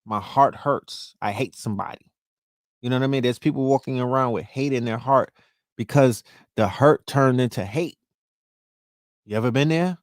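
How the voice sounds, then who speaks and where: A man's voice: medium pitch, normal speed, pauses often, a little mellow, no room sound. A man hosting a podcast, talking in a loose, profane monologue and often checking in with "you know what I mean?". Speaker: podcast host. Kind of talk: casual monologue.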